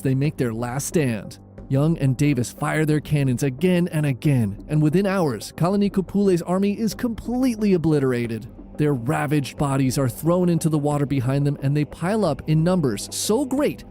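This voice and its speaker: A man giving dramatic, measured scripted narration of a history documentary. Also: fairly high pitch, warm tone. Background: faint music.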